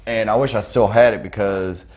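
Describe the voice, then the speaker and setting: Blunt low-voiced man on a podcast. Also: fairly even intonation, moderate pace, a little mellow. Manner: blunt, swears casually. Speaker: podcast co-host. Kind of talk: casual chat over drinks.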